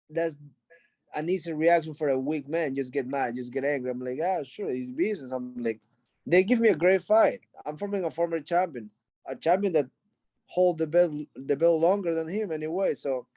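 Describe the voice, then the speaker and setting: A man's voice: fairly high pitch, dark tone, no room sound, rough recording. Blunt, swearing man, English. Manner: blunt, profane, frank. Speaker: interview guest, fighter. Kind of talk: casual interview.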